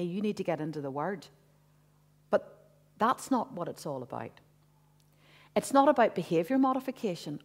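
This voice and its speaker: A woman's voice: medium pitch, a little mellow. A woman in her fifties sharing a personal testimony with a church congregation, earnest and conversational, with frequent asides. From Northern Ireland. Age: 50s. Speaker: church speaker. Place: church hall.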